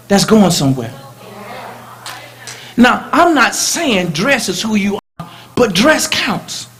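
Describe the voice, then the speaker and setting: With a high-pitched voice, a man preaches dramatically, narrating in the first person and swinging between loud and quiet lines.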